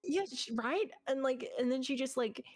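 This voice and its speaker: A woman's voice: sits high, moderate pace. Rambling, laughing woman co-streamer. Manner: rambling, lots of "like", laughs often. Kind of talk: casual game stream chat.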